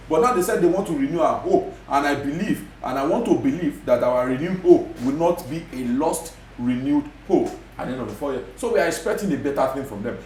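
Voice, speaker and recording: A high-leaning but darkish male voice belongs to a Nigerian man with a Yoruba accent, speaking as a guest commentator in a TV studio interview. He makes his points emphatically, says them again, and uses Yoruba phrases along the way. The sound is roomy with a touch of hiss or hum.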